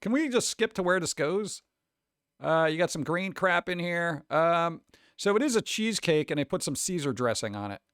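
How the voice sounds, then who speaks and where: A man's voice: on the high side, animated, moderate pace, fairly bright tone, clear, resonant tone, no room sound, studio quality. A man from New York with a New York accent, hosting a casual livestream and reacting to chat in a sarcastic, mock-exasperated way. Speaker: streamer host.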